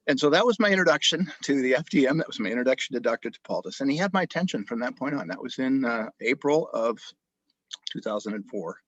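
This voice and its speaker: Male doctor, husky mid-pitched voice, dry muffled video-call sound, lively storyteller. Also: fast talker, no echo. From grew up in Japan. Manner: animated storyteller, frequent restarts. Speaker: osteopathic family physician. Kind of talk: storytelling interview.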